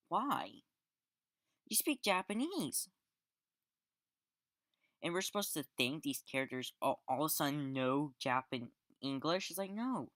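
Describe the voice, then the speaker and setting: A man's voice: medium pitch, pushed and bright, no room sound, clean studio sound. A man giving a casual spoken film review, rambling with restarts and fillers and sarcastic, exasperated asides. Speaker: movie reviewer.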